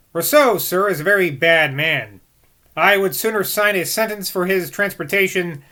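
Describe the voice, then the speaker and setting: Bright-voiced man reading an old book. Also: fairly high pitch. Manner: muses aloud and second-guesses himself between passages. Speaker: reader of a classic book. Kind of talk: reading aloud with casual asides.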